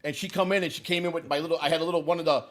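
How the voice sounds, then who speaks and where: Fast-talking profane man in his sixties. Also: fairly high pitch. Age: 60s. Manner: profane, animated storyteller who acts out quotes. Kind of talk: casual storytelling.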